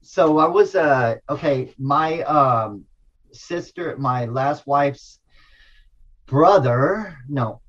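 A man as an interview guest, telling a personal story in a casual, animated way, full of slang and restarts. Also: fairly high pitch, extremely slow, dull audio.

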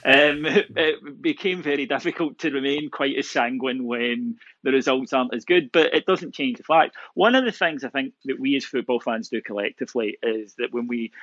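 A man speaking as a guest on a football podcast, measured and reasoned, getting animated at times. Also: medium pitch, no room sound, dull audio. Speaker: podcast guest, fan pundit. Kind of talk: casual sports podcast chat.

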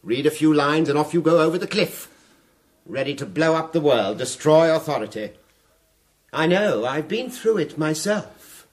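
An actor playing a sly, mocking fire captain in a radio drama, quoting verse in a smooth, taunting manner. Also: male voice, on the high side, expressive, moderate pace, lightly acted. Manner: silky, taunting, quotes verse at length.

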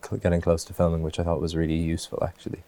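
A man's voice: deep voice, monotone, rapid-fire, dark tone. A man from Ireland, an actor, answering interview questions in a thoughtful way, with many restarts and fillers.

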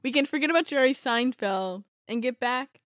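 A woman's voice: sits high, animated, normal speed, a bit bright. A woman playing an earnest young liberal college-student niece defending the environment. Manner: earnest, pleading.

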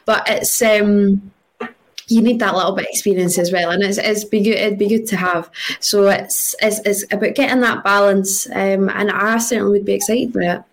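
A woman's voice: medium pitch, fairly even intonation, normal speed. Female podcast guest, casual chat, hesitant delivery. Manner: hesitant, with many fillers and restarts.

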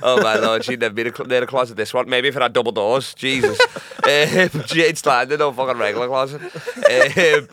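A man's voice: mid-range voice, fairly quick, hardly any pauses, sharp tone, no room sound. A young man from Liverpool with a Liverpool accent, a guest comedian in a podcast studio trading crude, boastful banter full of swearing. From Liverpool, England.

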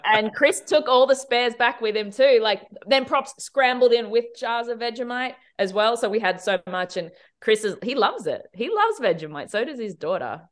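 An Australian woman, a TV director, chatting in a casual podcast interview and telling animated stories full of quick asides. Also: fairly high pitch. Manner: animated storytelling with quick asides and frequent laughs. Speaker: TV director, guest.

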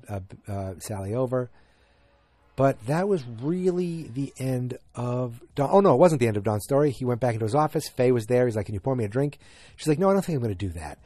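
A man's voice: mid-range voice, dry recording. Chatty man recapping a TV episode. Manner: chatty, rambling, with frequent ums and self-corrections; animated outbursts of mock anger.

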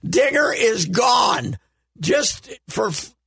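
Gravelly older man, loud and animated. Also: very high voice, slow. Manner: animated storytelling, bursts into loud emphatic exclamations. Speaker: sports radio regular. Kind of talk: casual chat.

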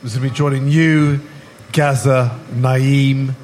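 A man's voice: medium pitch, fairly even intonation, slow, a little mellow, a little hiss or hum. A man hosting a live podcast, asking a guest about his career in a conversational way. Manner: conversational, steering the talk. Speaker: podcast host. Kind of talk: live interview questions. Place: live party event with an audience.

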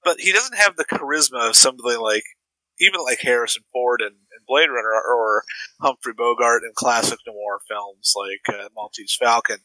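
A man's voice: medium pitch, moderate pace, bright, forceful tone, dry recording, rough recording. A man co-hosting a podcast, giving loose, opinionated takes on a movie and swearing casually. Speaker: podcast co-host.

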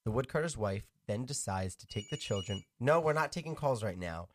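A man's voice: fairly low pitch, lively intonation, a little fast, slight background noise. A man co-hosting a radio show, joking around and reading a fairy tale aloud with asides. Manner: joking, easily distracted. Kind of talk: casual chat and reading a story aloud. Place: radio studio.

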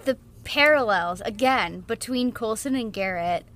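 A woman co-hosting a podcast, chatting casually and reacting with animated excitement. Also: on the high side, measured pace. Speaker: podcast co-host. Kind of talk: casual chat.

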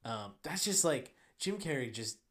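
A man's voice: medium pitch, very animated, unhurried, fairly bright tone. A young man co-hosting a podcast in casual chat, easygoing, steering between topics. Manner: easygoing, runs the segments. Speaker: podcast co-host.

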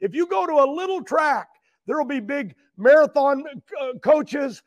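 A man's voice: very high voice, lively intonation, normal speed, muffled recording. An older man telling a long, emotional story as a guest, rambling and repeating words as he gets worked up. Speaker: guest, retired champion racer.

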